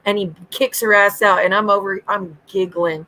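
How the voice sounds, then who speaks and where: A woman's voice: medium pitch, normal speed, hardly any pauses, sharp tone, slight background noise, low-quality recording. A woman hosting a livestream, telling gossip in a casual, chatty way, acting out what others said and swearing freely, often breaking into giggles. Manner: gossipy storytelling, acts out quoted lines, swears freely. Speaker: livestream host. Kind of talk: casual chat.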